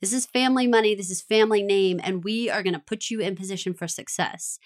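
A woman co-hosting a casual TV recap podcast, animated and laughing often, acting out quoted lines. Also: mid-range voice, fast. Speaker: podcast co-host.

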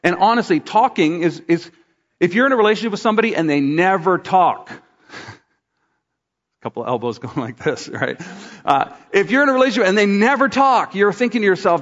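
A middle-aged male pastor gives a casual, conversational sermon, slipping into voices to act out examples. His voice sits a little high. The sound is slightly dull and rings with the long reverb of a large hall. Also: lively intonation, moderate pace, fairly bright tone. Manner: conversational preaching with acted asides.

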